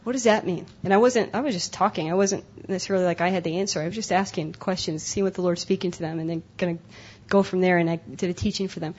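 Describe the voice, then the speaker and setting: A woman's voice: lowish voice, fast, hardly any pauses, darkish tone, breathy edge. A young adult woman speaking at a conference breakout session, earnest and emotional, often repeating herself. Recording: dull lo-fi live recording.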